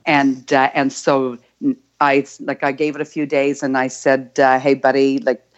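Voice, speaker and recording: A woman's voice: a bass voice, level tone, unhurried. An older grandmother from Canada, telling a heartfelt personal story as an interview guest, rambling with many fillers. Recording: dull lo-fi audio.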